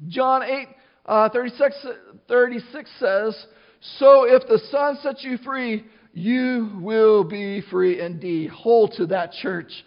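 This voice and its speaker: A middle-aged man preaches to his church in a loose, conversational way. He often restarts his sentences and goes off on asides. His voice sits high for a man, and the recording sounds muffled and lo-fi. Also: slow pace. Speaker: pastor. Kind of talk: sermon.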